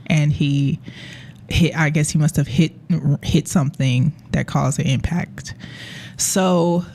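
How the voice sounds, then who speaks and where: A woman hosting a casual radio talk show, speaking with hesitations and affirming her guest. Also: sits low. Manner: soft-spoken, hesitant with fillers, affirming listener. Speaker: host.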